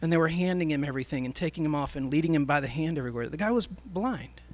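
High-voiced man telling a story. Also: animated, quick pace, a little mellow. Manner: storytelling, addressing a live audience. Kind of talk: sermon.

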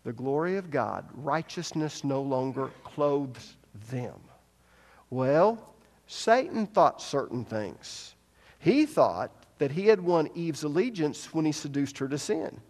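A man's voice: on the high side, sing-song, slow. A man preaching a sermon as pastor, emphatic, repeating his key points and asking the congregation rhetorical questions. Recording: long reverb of a large hall.

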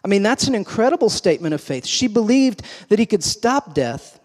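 A man preaching a sermon, moving between hushed, slow passages and emphatic, raised ones. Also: high voice, sing-song. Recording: long hall reverb.

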